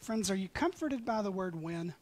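Male pastor preaching a sermon; dynamic delivery that builds to loud emphatic peaks and drops to quiet near-whispers. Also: high-pitched, animated, moderate pace. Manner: reads scripture aloud with passion.

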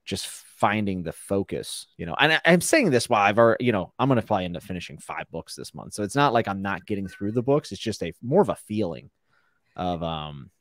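A man's voice: fairly low pitch, sing-song, a little fast, no echo, studio quality. A man hosting a casual podcast chat, laughing often and reading out viewer comments. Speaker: podcast host.

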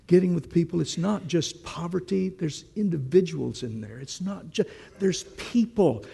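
A man's voice: on the high side, normal speed, gravelly, dark tone, husky, long reverb tail. A man preaching a sermon, telling a story and asking the congregation questions in a conversational way.

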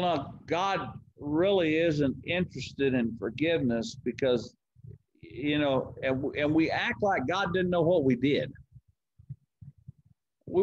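A man's voice: high-pitched, no room sound. A man leading a church Bible study, reading scripture aloud and explaining it with rhetorical questions and repeated words. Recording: dull, lo-fi church stream.

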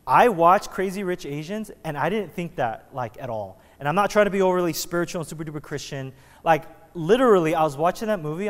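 In a church sanctuary, a pastor delivers his sermon casually and jokingly, like a conversation, restarting his sentences over and over. His high voice is animated at normal speed, and the church hall adds a long reverb.

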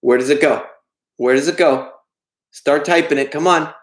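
A man's voice: a little high, normal speed. A man hosting a livestream, joking and self-deprecating as he answers chat messages. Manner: jokey, self-deprecating, reads chat aloud. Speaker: livestream host. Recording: echoey room.

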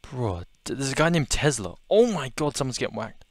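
A young Australian man narrates his gameplay in a jumpy, excitable way. He gasps often and repeats his exclamations over and over, with a medium-pitched voice. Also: a little fast, slight background noise. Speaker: gaming video host. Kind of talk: let's-play commentary.

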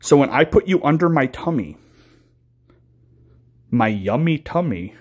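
Goofy guy streaming from his phone, rambling at chat, slow drawn-out talk. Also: medium pitch, big pitch swings, husky. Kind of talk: casual live-stream chat. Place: car, then home.

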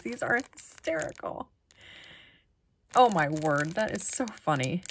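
A woman chatting casually as she unboxes a package of craft supplies, gushing with delight and often dropping to a soft whisper. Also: fairly low pitch, animated, moderate pace. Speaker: crafting vlogger.

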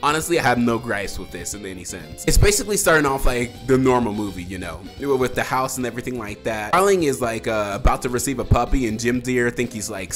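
A man hosting a casual movie review, excitable and profane, jumping between loud outbursts and low mutters. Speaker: movie reviewer, channel host.

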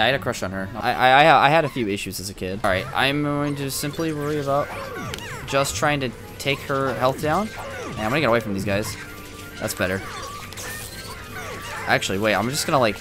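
A young adult man giving excitable, profane, joking let's play commentary as a gaming YouTuber. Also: mid-range voice.

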